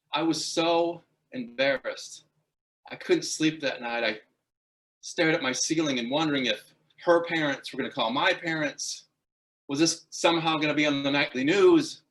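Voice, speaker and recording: A man telling a humorous true story as a guest speaker at a speaking club, building to punchlines. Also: fairly high pitch. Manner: animated, punchline-driven storytelling.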